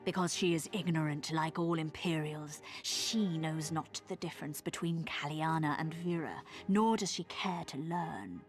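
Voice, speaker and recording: A woman's voice: deep voice, measured pace, hardly any pauses, soft background music. Stern serpent-folk tribeswoman. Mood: scornful. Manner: formal, archaic and scornful.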